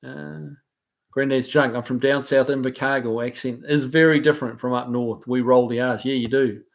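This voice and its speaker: Speaking at a moderate pace with a steady tone, this New Zealand man has a mid-range voice touched by vocal fry. He's a live stream host who reads the chat out loud and responds in a loose, casual way, often using fillers and starting over.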